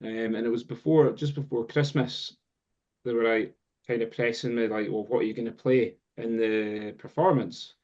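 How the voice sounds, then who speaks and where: A Scottish man, a guest drum teacher, telling a long story in casual chat, rambling with many pauses and fillers. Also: mid-range voice, steady tone, a little mellow. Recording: dull lo-fi sound.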